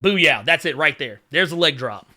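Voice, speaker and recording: A man hosting a casual reaction video, talking excitably and profanely and laughing often. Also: a little high, moderate pace. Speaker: video host.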